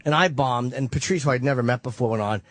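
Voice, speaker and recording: A man co-hosting a radio show, telling profane, animated stories in casual chat and mimicking the people in them. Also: mid-range voice, fast.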